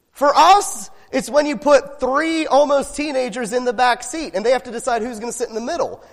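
Casting: male pastor with a high voice, chatty sermon delivery, long reverb of a church hall. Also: normal speed, gravelly. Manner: conversational, asks the congregation with frequent "right?".

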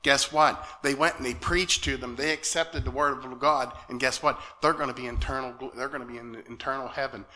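Male lay preacher, nervous and earnest, bright tense tone, halting delivery with frequent check-ins. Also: mid-range voice, fairly even intonation. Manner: earnest and halting, often asks "okay?". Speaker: lay speaker at church. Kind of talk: sermon. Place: church sanctuary.

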